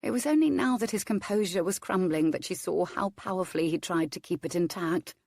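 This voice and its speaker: A woman's voice: lowish voice, brisk, creaky, a little mellow, no echo, clean studio sound. Woman narrating a romance audiobook.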